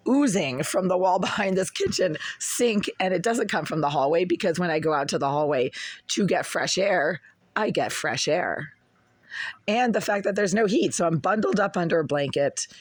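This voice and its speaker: Hoarse vlogger with a mid-pitched, dry voice, complaining and rambling. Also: animated, normal speed, no echo. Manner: aggrieved, rambling, with throat-clearing. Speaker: tenant making a complaint video. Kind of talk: casual vlog report. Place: cold apartment indoors, bundled under a blanket.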